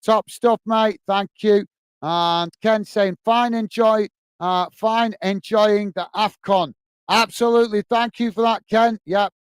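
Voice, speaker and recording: A man's voice: sits high, clean tone, no echo. A man hosting a live football watch-along, reading out viewer comments and thanking them in a cheerful casual chat. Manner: upbeat, thanks viewers warmly, reads comments aloud slowly. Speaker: host.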